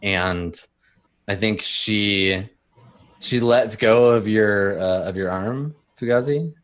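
A man's voice: on the low side, slow pace, a bit bright. A man running a tabletop role-playing game as game master, narrating scenes with frequent ums and uhs.

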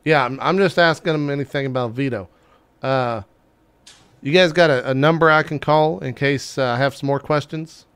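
A man's voice: medium pitch, normal speed, fairly bright tone, smooth. A man playing in a tabletop game, brash and playful, swearing freely. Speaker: player. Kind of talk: tabletop role-play, casual.

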